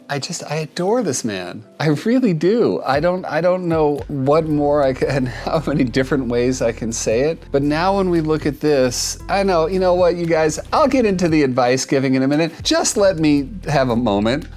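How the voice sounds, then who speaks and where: A man hosting an advice show, talking casually and warmly about a shy cat, often repeating and restarting words as he gets emotional. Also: on the high side. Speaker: cat behaviorist host reviewing a viewer video. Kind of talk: casual advice talk to camera.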